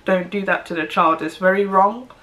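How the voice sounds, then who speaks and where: A woman's voice: mid-range voice, steady tone, moderate pace, a bit bright. A young woman, giving her opinion in a casual vlog, emphatic and repeating her points. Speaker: vlogger.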